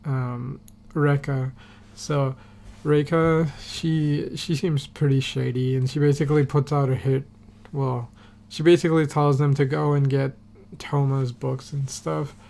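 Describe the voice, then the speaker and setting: A man's voice: mid-range voice, flat delivery, a little slow, creaky, few pauses, a little mellow. A man recapping a TV episode on a podcast in a casual, rambling way, full of fillers and casual swearing. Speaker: podcast host.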